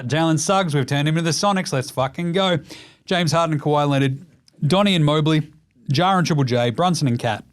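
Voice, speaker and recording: A man in his thirties with an Australian accent, hosting a casual, profane, joking basketball chat. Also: on the high side. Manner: profane, joking, rapid-fire lists. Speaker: podcast host.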